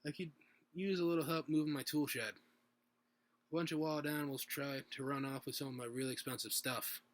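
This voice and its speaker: Laid-back male buddy, casual and friendly, fairly high voice, read by a man. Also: fairly even intonation, fairly quick, close to an everyday voice.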